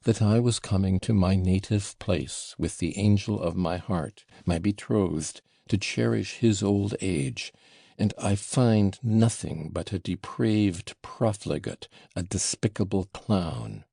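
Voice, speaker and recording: A man voicing a furious young man who speaks in a soft controlled voice and growls with contempt. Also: low voice, slow pace, vocal fry, breathy edge, no room sound, clean studio sound, heavily acted. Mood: bitter.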